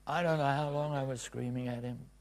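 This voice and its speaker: A man preaching a testimony in a sermon, swinging from hushed whispers to loud cries. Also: mid-range voice, fairly even intonation, brisk, creaky. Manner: dramatic swings from whispers to shouts.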